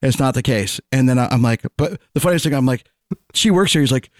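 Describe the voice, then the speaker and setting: A man's voice: mid-range voice, no echo, clean studio sound. A man telling a story in casual chat, acting out what people said. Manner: fast, animated storyteller acting out quotes.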